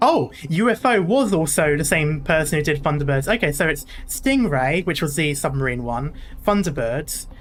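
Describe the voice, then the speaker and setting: A streamer chatting loosely through a playthrough, drifting off topic and laughing along the way. The voice sits at a middling pitch. Soft game music plays faintly underneath. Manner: chatty, rambling, laughs often. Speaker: gaming streamer. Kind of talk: casual playthrough commentary.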